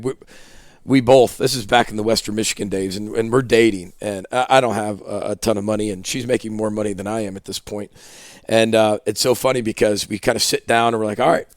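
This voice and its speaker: A head football coach, a man with a lowish voice, tells a story as a guest in a casual podcast interview, animatedly acting out the dialogue. The studio recording is clean, with no room sound.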